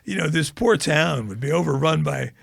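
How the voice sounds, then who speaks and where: A man's voice: on the high side, lively intonation, normal speed, gravelly, no room sound, studio quality. A man co-hosting a podcast, chatting casually and telling rambling anecdotes while laughing at his own jokes. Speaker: podcast co-host. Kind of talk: casual chat.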